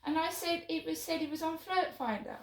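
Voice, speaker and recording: A woman's voice: very high voice, fairly quick, roomy sound, low-quality recording. A woman telling a flustered, chatty story to her phone camera while out walking at night. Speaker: vlogger. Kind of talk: casual vlog monologue. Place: outdoors at night on a walk.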